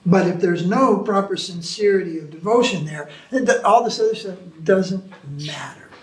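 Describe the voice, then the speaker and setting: A man answering questions as a spiritual teacher in an informal talk, animated, sometimes imitating chanting. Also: sits high, normal speed. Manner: animated storytelling, mimics chanting. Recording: echoey room from far off.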